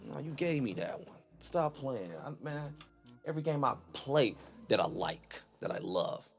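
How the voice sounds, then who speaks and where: A man's voice: medium pitch, very animated, moderate pace, soft background music. A young man hosting a casual reaction video, chatting in laid-back slang and calling the listener dog.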